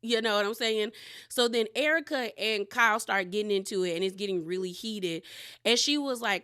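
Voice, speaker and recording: A woman recapping reality TV gossip, her pitch sitting in the middle of the range. She talks in a loose, chatty way, full of "like" and "girl" asides. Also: brisk, a bit bright. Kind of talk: casual recap chat.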